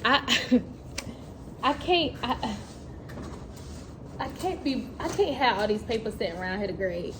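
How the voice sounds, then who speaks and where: A young woman, a teacher talking in a casual vlog, animated and chatty, laughing often and acting out classroom moments. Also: medium pitch, a little hiss or hum. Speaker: teacher and vlogger.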